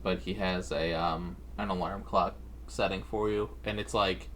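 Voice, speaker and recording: Male podcast co-host, lower voice, casual joking banter. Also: fairly even intonation, moderate pace, a bit bright, slight background noise. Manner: laughing, joking, mimics voices. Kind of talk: casual chat.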